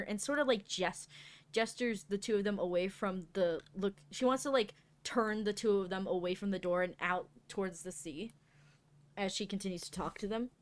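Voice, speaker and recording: A woman playing a tabletop role-playing game, hesitant and full of ums while describing her character. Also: mid-range voice. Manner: hesitant, many "um" and restarts. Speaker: player.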